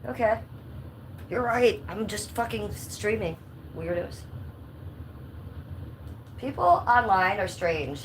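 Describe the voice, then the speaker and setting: With a medium-pitched, expressive voice, she talks slowly and leaves long pauses. The Cleveland woman is livestreaming casually at home on a handheld phone, stepping out into the cold while reading chat aloud in a blunt, sweary, jokey manner, and a slight hiss or hum runs under it.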